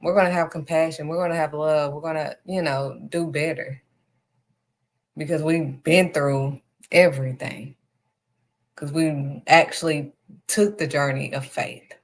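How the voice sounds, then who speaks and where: A woman's voice: deep voice, steady tone, unhurried. A woman hosting a live stream, giving a faith encouragement talk and stressing her points by repeating them. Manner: emphatic, repeats key phrases. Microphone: streaming setup.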